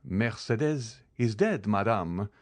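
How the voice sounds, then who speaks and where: A man reading an audiobook, voicing a calm, commanding count with bitter irony. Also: lowish voice, slow pace, dry recording. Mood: cold. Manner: calm, icy, ironic. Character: cold, commanding male count, bitterly ironic. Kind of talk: audiobook character voice.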